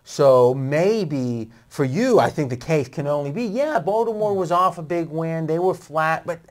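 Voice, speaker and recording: A man's voice: on the high side, animated, measured pace. A man hosting a sports betting show, pushing back on his guest and arguing his point.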